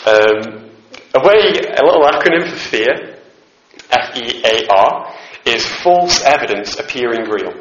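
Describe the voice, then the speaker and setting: A man's voice: mid-range voice, lively intonation, unhurried, a bit bright. A man preaching a sermon in a church hall, conversational and self-deprecating, with asides to the room. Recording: roomy, slightly dull hall recording.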